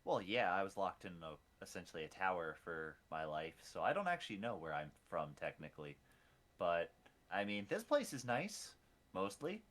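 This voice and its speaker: A man with a lively, up-and-down voice speaks in character in a tabletop game. He rambles easily, with plenty of fillers. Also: low voice, moderate pace. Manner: rambling and easygoing, with lots of fillers. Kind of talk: casual in-character chat.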